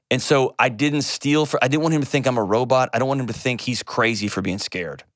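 A man's voice: mid-range voice, fairly quick, fairly bright tone, no echo, clean studio sound. A middle-aged man hosting a call-in advice show, speaking earnestly and emphatically, often repeating words for weight.

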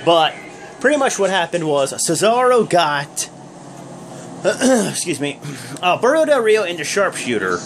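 A man's voice: high voice, big pitch swings, unhurried. A young man hosting a wrestling review vlog, recapping casually in a rambling, joking way with lots of fillers. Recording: noisy background hum.

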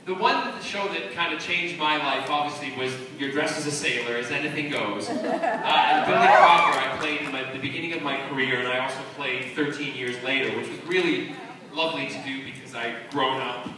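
A man chatting and telling jokey stories as a celebrity guest on a live convention panel, with quick restarts. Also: medium pitch. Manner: animated, joking storyteller with quick restarts. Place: large convention hall with audience. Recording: echoey hall from far off, loud crowd and noise.

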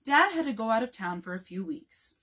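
Husky-voiced woman reading a bedtime story. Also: a little high, fairly quick. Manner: expressive, calm read-aloud narration. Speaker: librarian.

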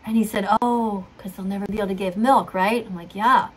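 A woman's voice: mid-range voice, fairly even intonation, a little fast, husky. A middle-aged woman earnestly telling a rambling story, acting out what others said. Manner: rambling, earnest, acts out quotes. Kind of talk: storytelling monologue.

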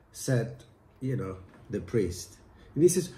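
An unhurried male storyteller, his voice lively in pitch and mellow in tone. He tells a folk tale in an echoey room. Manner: lively, animated telling.

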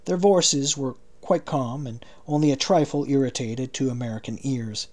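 This audiobook narrator is male, speaking at a middle pitch in an even, deliberate manner.

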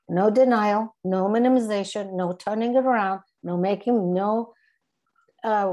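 A woman's voice: medium pitch, normal speed, dark tone. A middle-aged woman from Iran with an English accent, speaking as a guest in an earnest, emphatic way and repeating her key phrases. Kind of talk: earnest spoken reflection.

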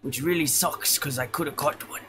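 A man's voice: fairly high pitch, normal speed, bright, forceful tone, soft background music. A man casually commenting on his own gameplay, joking and swearing, often slipping into a playful pirate "yar". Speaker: gameplay streamer. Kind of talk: casual let's-play commentary.

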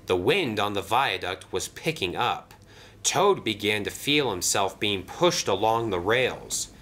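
Lively male storybook narrator. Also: fairly low pitch, a little slow. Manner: lively, expressive.

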